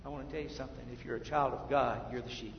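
A man preaching a sermon as pastor, swinging between hushed and loud passages. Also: mid-range voice, steady tone, rapid-fire, creaky, a little hiss or hum. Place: church sanctuary. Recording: echoey hall from far off, dull lo-fi.

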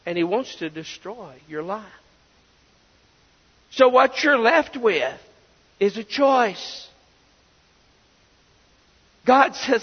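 A man's voice: very high-pitched, sing-song, drawn-out words, long pauses, slightly rough. A man preaching a sermon as pastor, emphatic and full of rhetorical questions. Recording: dull lo-fi audio with long reverb.

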